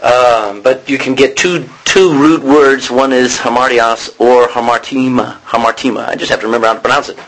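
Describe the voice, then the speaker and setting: A man teaching a sermon in a conversational way, often pausing to correct himself and clear his throat. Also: mid-range voice, steady tone, a bit bright, poor audio. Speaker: preacher.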